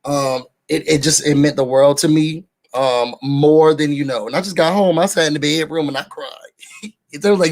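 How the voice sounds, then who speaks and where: A man from New York reviewing a reality show for his viewers in casual chat, an animated, slangy storyteller. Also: fairly high pitch, normal speed. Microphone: studio microphone.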